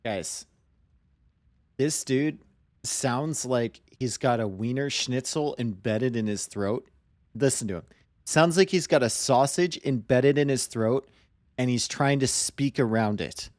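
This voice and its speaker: A man's voice: mid-range voice, unhurried, no echo, clean studio sound. A man casting a strategy game match live on stream in a casual, joking way, cheering players on. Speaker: esports caster.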